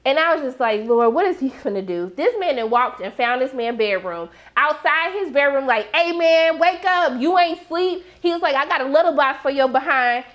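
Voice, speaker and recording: Sassy lady w a high voice recapping a tv episode, AAVE slang, hypes up her viewers. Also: moderate pace, few pauses. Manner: animated, sassy, talks straight to viewers with slang. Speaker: TV recap host.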